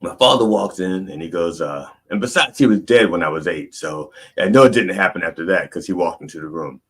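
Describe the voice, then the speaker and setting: Husky deep-voiced man telling rambling stories. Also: fairly quick. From Baltimore. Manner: rambling, self-interrupting, irreverent. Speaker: comedic preacher host. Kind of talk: storytelling stand-up monologue.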